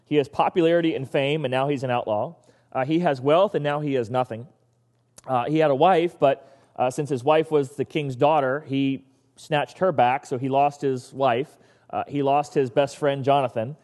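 A man's voice: mid-range voice, steady tone, normal speed, darkish tone, big-room sound. A male pastor giving a casual, conversational sermon and acting out the voices of the people he talks about.

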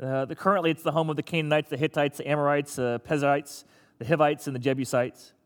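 A man's voice: a little high, fairly even intonation, fast, big-room sound. A man preaching a sermon to his church in a conversational, teasing way. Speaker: pastor.

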